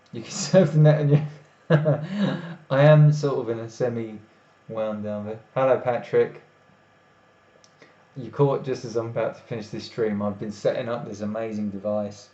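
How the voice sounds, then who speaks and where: A tired man with a lowish, dark-toned voice rambles casually while chatting with viewers on a live stream. The audio is dull and lo-fi, with echo from the room and faint noise.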